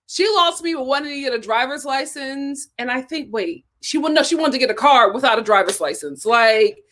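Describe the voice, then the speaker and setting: A young woman with a high voice hosts a casual live stream. She talks in a chatty, animated way, reads out viewer comments, thanks people by name and laughs often. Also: fairly quick. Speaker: live-stream host reviewing a reality show.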